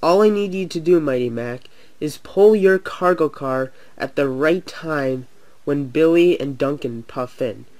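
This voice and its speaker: A man's voice: a little high, a little slow, darkish tone, lightly acted. A young man voicing a scheming little engine. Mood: plotting. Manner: sly, plotting. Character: scheming mischievous male tank engine.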